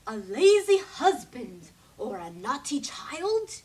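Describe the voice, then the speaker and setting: A woman's voice: high-pitched, sing-song, takes it slowly, a little mellow, full character voice, low-quality recording. A woman voicing a pushy fortune-teller who croons and then demands answers impatiently. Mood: brusque.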